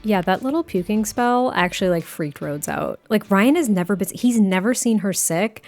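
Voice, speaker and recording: A woman's voice: medium pitch, animated, normal speed, a little mellow, faint music behind. A young woman casually narrating a life-sim game story, chatty and full of fillers, laughing often. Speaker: gameplay storyteller.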